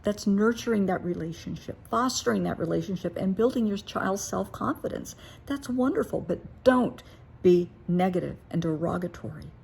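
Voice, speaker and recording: A woman's voice: mid-range voice, expressive, moderate pace, vocal fry, a little mellow, husky. A middle-aged woman therapist giving earnest, emphatic advice, repeating her key points for stress. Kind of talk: direct advice monologue.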